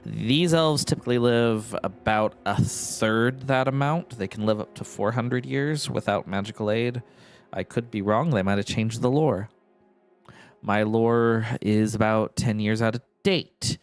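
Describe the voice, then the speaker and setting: A man's voice: fairly low pitch, unhurried, faint music behind. A man narrating his gameplay in a rambling, musing way, often correcting himself with chuckling asides. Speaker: let's-play host.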